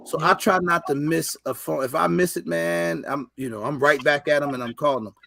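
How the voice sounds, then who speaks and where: A man's voice: fairly high pitch, a little fast, vocal fry, a bit bright, slight background noise. A man hosting a podcast, chatting casually in a blunt, emphatic way full of slang. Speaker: podcast host. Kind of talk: casual chat.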